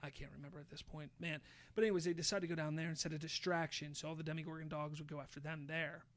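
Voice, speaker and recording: A man hosting a podcast, casually retelling a show's plot with lively, swear-laden storytelling. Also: a little high, very fast. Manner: animated storyteller, swears freely, acts out quotes. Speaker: podcast host.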